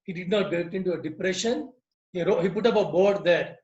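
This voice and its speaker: A man's voice: sits high, brisk, a little mellow, roomy sound, muffled recording. A man giving an earnest moral talk full of stories over a video call. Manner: earnest, repetitive storytelling. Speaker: lodge speaker.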